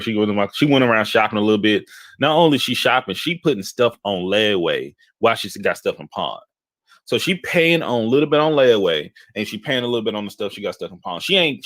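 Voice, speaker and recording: A man from Houston, Texas, co-hosting a casual chat and telling animated, rambling anecdotes, often checking in with "okay?". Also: lowish voice, no room sound. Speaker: podcast co-host.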